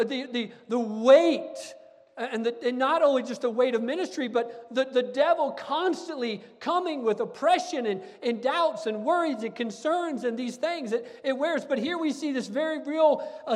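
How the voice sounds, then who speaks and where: A man, a pastor, preaching a sermon and reading scripture aloud, talking in an earnest, animated way with frequent restarts. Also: extremely high pitch, normal speed, in a large hall.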